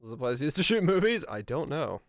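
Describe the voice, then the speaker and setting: A man's voice: on the high side, very animated, brisk, dry recording, clean studio sound. Laid-back male streamer musing aloud. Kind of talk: casual live-stream chat while playing a geography game.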